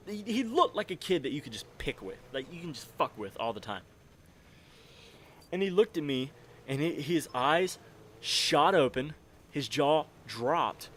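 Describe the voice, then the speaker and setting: A nineteen-year-old gamer with a slightly high voice tells a meandering, profane story on his channel, laughing often. He uses a desk mic, and a little background noise comes through.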